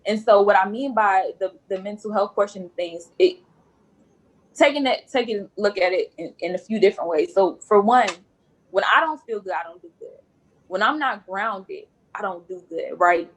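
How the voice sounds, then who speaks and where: A woman's voice: medium pitch, lively intonation, moderate pace, rough recording. A woman nurse speaking as a guest on a podcast, earnest and repeating phrases for emphasis. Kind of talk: podcast interview.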